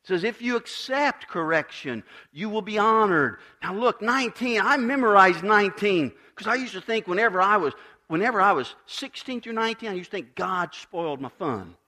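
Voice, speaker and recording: High, lively preaching pastor. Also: male voice, normal speed. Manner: preaching with rising, emphatic swells and sudden quiet drops. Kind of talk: sermon.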